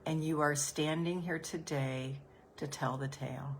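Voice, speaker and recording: A woman podcast host and business coach leading listeners through a gentle healing exercise, soothing and repetitive. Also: sits low, fairly even intonation, a little slow, slight background noise. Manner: soothing, gentle, repeats phrases softly.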